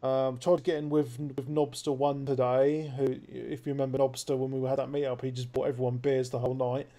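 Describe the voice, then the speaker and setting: A man telling stories in casual podcast chat, lively and loose, with slang and the odd swear. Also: mid-range voice, a little fast. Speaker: podcast co-host.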